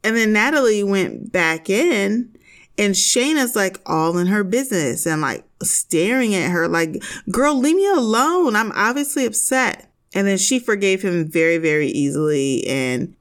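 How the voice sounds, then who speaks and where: Animated sassy woman podcaster. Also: fairly low pitch, measured pace, clean tone. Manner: animated, opinionated, sassy asides. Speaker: podcast host. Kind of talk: casual TV recap chat.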